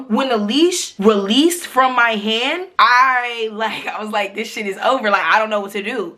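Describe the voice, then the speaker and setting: A young woman vlogger recounts a chaotic story straight to camera. Her voice sits a touch high and rings bright. She talks expressively and profanely, and laughs as she tells it. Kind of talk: storytime vlog.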